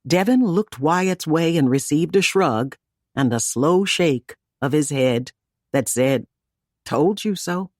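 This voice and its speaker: A woman reading an audiobook in measured scripted narration, giving each character a voice. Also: low-pitched, a little mellow, no echo, studio quality.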